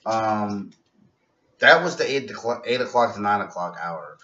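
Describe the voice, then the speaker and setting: A man reviews a wrestling show in a casual, critical rant. His voice is lowish with a sharp edge. The sound is dull and lo-fi, picked up from a distance in a roomy space. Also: expressive, unhurried, faint music behind. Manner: ranting and critical. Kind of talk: casual opinionated vlog review.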